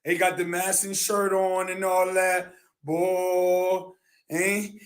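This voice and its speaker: A man's voice: sits high, lively intonation, unhurried, sharp tone. A man giving casual reaction commentary, drawling and repeating his phrases.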